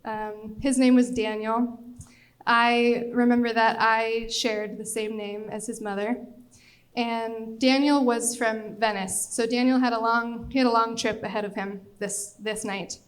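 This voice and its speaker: Young female storyteller, animated delivery, voices the other people in her tale, a bit high-pitched. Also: unhurried. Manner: lively, animated, acts out quoted voices. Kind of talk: live storytelling on stage.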